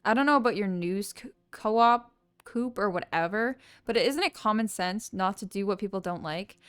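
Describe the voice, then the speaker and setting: A woman's voice: medium pitch, normal speed, clear, resonant tone, soft background music, close to an everyday voice. A woman reading lines as a snippy, defensive teenage schoolgirl in a game, scolding sharply.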